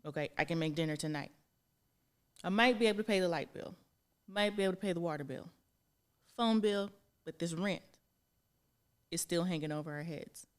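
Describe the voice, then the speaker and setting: Frank, exasperated woman with a lowish voice. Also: normal speed, pauses often. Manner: frank and exasperated, swears freely. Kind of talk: casual chat.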